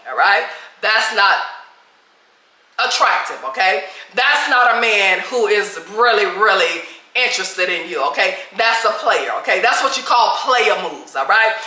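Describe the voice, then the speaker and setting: Woman, emphatic dating advice vlog, lively swooping pitch, bright voice, echoey room. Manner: emphatic, repeats "all right?" and "okay?" constantly. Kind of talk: direct-to-camera advice talk.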